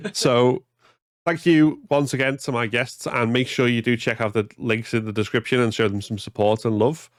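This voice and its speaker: A man's voice: mid-range voice, steady tone, moderate pace, dry recording, studio quality. A man hosting a casual podcast, often stumbling and repeating words as he starts a thought. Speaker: podcast host.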